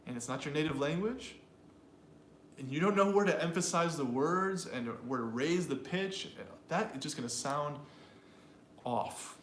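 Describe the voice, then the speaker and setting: A man's voice: medium pitch, fairly bright tone. Man, English teacher, upbeat, roomy echo, faint hiss. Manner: upbeat, explains and drills sentences aloud. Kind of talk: live-streamed pronunciation lesson.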